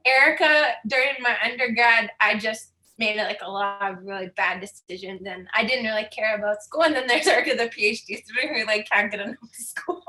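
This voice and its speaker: Bright-voiced woman telling her story. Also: a little high, moderate pace, reverberant. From Saskatchewan, Canada. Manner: candid, chatty, laughs often, emotional at times. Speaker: guest speaker. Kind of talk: personal storytelling talk.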